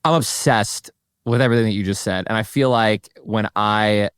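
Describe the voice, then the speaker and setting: A man's voice: lowish voice, a bit bright, smooth, dry recording, clean studio sound. A man hosting a podcast, chatting with enthusiasm and eagerly agreeing with his guest. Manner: enthusiastic and agreeable, quick to affirm. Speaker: podcast host. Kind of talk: casual interview chat.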